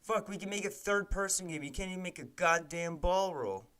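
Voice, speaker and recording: A man's voice: sits high, a little fast, a bit bright. A man live-streaming as he codes a game, casually muttering code terms and breaking into frustrated, profane rants. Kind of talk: casual live-stream commentary while coding.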